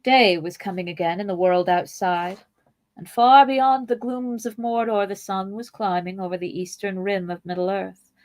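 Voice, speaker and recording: A woman hosting a podcast, reading a novel aloud in a measured, expressive way with playful asides. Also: mid-range voice, dry recording.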